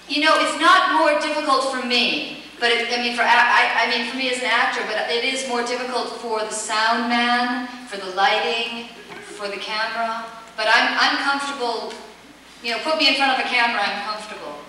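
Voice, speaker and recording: A woman's voice: on the high side, steady tone, normal speed, bright, forceful tone. Chatty woman echoing in a big hall. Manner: chatty, laughing, says "you see" often. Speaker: actress guest at fan convention Q&A. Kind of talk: casual Q&A answers. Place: large convention hall. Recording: echoey hall taped from far off, noisy.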